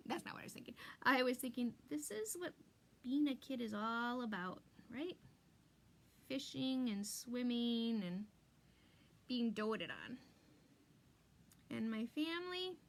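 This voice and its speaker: On her live crafting stream, a middle-aged woman chats and rambles while working, reading out comments from viewers. Her voice is slightly high and a touch bright, with light background noise.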